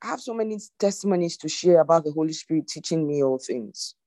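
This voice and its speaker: A woman's voice: deep voice, animated, fast talker, dark tone, dry recording. A woman preaching an earnest, exhorting sermon to an online congregation over a video call. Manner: earnest, exhorting, often rising in emphasis. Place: online meeting.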